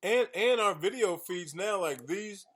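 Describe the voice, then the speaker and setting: This man's voice sits high and sounds expressive and fairly bright, a touch slow. He hosts an independent radio show over video call, chatting in a loose, joking, rambling way packed with fillers and false starts.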